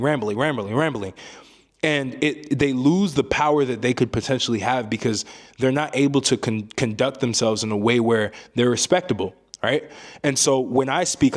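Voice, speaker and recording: A man giving a motivational speaking lesson as a communication coach, emphatic and repetitive, often ending points with a tag question. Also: mid-range voice.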